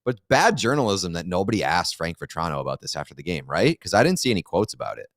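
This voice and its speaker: A man's voice: low-pitched, sing-song, fast, fairly bright tone, no room sound. A man co-hosting a sports podcast in casual chat, giving dry, wry commentary. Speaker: podcast co-host.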